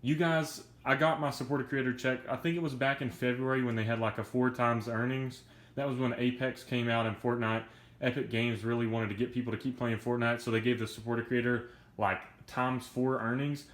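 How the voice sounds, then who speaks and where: A young man talking casually and earnestly to his viewers in a vlog, energetic and a bit out of breath, with lots of slang. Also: medium pitch, fairly quick, roomy sound. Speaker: YouTuber.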